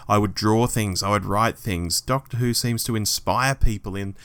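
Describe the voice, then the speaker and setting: A man's voice: lowish voice, normal speed, fairly bright tone, clean tone, no echo. A man with an Australian accent co-hosting a podcast, chatting enthusiastically. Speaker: podcast co-host. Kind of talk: casual chat.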